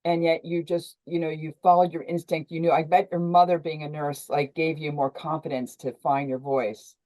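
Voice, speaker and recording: A woman hosting a webinar interview, reacting with affirming remarks and asking gentle questions. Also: deep voice, little pitch movement, normal speed, poor audio. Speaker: webinar host.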